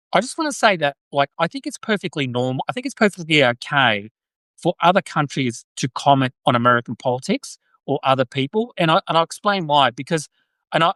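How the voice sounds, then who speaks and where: An Australian man hosts a live stream and chats with his viewers in a rambling, self-correcting way. His voice is forceful and bright. It is recorded close and dry, with no room sound. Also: a little high, dry recording. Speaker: podcast host. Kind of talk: live-stream chat answering viewer comments.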